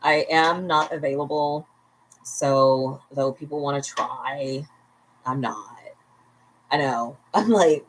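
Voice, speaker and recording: A woman's voice: rumbling low, steady tone, slow pace, pauses often, a little hiss or hum, low-quality recording. A tipsy woman at home at bedtime, hosting a casual livestream where she rambles, laughs often and makes chatty asides to her viewers. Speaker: vlogger, livestream host.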